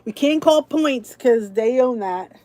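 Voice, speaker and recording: A woman's voice: on the high side, lively intonation, measured pace, mellow, no room sound. A middle-aged woman from New Jersey hosting a casual livestream, chatting with viewers by name and laughing often. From New Jersey, USA. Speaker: channel host.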